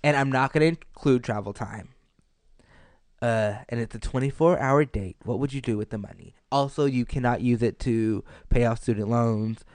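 A man hosting a casual podcast, playful and quick to react. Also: mid-range voice, darkish tone, dry recording. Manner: playful, reacts with laughs and gasps. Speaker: podcast host.

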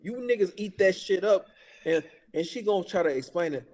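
A man in his early thirties rants about politics in a casual talk show, heated, profane and emphatic, hammering each point again and again. His voice sits a little high for a man and trails off into a long reverb. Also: animated, a little fast, darkish tone. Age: 30s.

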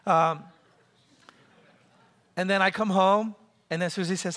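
A man preaching a sermon to his church, animated, acting out scenes and leading the congregation in call-and-response. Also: slow. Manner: animated, acts out scenes and quotes with big pitch jumps. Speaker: pastor. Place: church sanctuary. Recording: long hall reverb.

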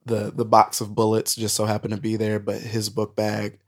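Gravelly low-voiced man telling a story. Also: moderate pace. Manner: animated, profane, laughing at his own story. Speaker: podcast guest. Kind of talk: casual storytelling.

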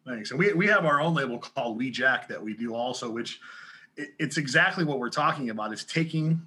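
A man from Chicago who works as a DJ, telling stories in an interview in a casual, profane, animated way. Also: mid-range voice, brisk. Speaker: DJ and record label co-owner.

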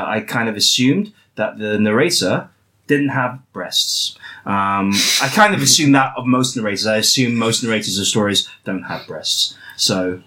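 A man's voice: on the low side, bright, forceful tone. A man hosting a casual comedy podcast, rambling and laughing often as he talks. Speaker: podcast host.

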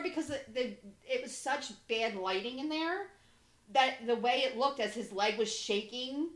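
A woman in her thirties tells a story to a friend, swearing freely and acting out everyone in it. Her voice sits a little high and swings widely in pitch. The room around her sounds echoey. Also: moderate pace. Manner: animated, profane, acts out voices in her stories. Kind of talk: casual storytelling chat.

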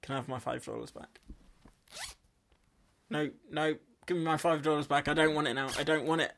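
A man's voice: on the high side, fairly even intonation, fairly quick, a bit bright. A man co-hosting a casual chat, teasing and laughing often. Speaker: podcast co-host.

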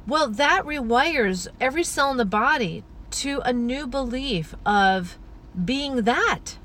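A woman hosting a spiritual podcast, talking in a gentle, flowing, earnest way with many soft asides. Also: high-pitched, expressive, slow, slight background noise. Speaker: podcast host.

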